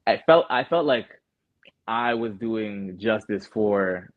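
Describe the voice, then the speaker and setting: A young Canadian guest artist chats in a casual interview, laid-back and full of fillers and restarts. His voice is lowish and slow-paced, with no room sound but a muffled, phone-like quality.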